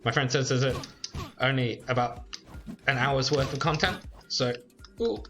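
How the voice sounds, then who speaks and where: A man giving casual let's play commentary on a video game, chatty and relaxed, with frequent fillers. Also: mid-range voice, measured pace, music in the background. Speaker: YouTuber playing a game.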